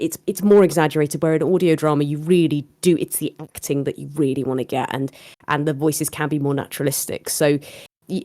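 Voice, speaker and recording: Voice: mid-range voice, a little mellow. A voice actor from near London with a London-area English accent, chatting casually on a livestream, with many restarts. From near London, England. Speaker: voice actor guest.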